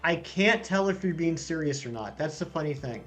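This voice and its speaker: Young man with a somewhat high voice, talking casually over faint music. He banters easily with his viewers and reads their comments aloud as he goes. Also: animated, normal speed, fairly bright tone. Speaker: streamer reading chat. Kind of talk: casual live-stream chat.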